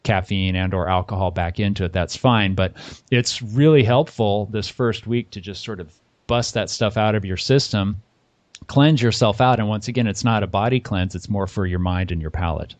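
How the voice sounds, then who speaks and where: A man's voice: fairly low pitch, moderate pace, no room sound. An American man hosting an interview in a conversational way, stumbling a little over his questions. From United States. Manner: conversational, hesitant restarts when asking questions. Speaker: host. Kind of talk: casual interview. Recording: dry, muffled lo-fi sound.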